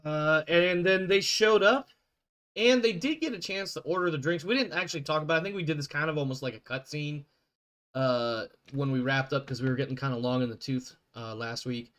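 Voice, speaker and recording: A man's voice: fairly high pitch, brisk, a bit bright. A man running an online tabletop game as game master, talking over a voice call in a rambling way and often correcting himself.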